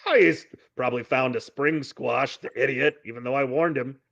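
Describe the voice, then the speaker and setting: A man's voice: medium pitch, moderate pace, gravelly, fairly bright tone. A man voicing a bossy male bird companion who scolds and fusses. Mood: grumbling. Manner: fussy, scolding. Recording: dull lo-fi audio.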